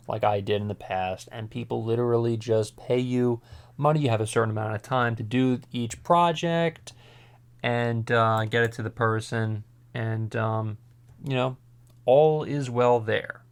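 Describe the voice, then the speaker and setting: Rambling male vlogger, middle pitch. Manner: rambling, full of fillers and restarts. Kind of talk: casual talk to camera.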